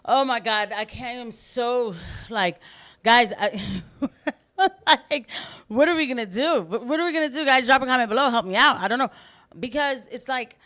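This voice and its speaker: Animated woman vlogging commentary. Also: a little high, normal speed. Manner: animated, rambling, talks straight to viewers. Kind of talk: reaction commentary vlog.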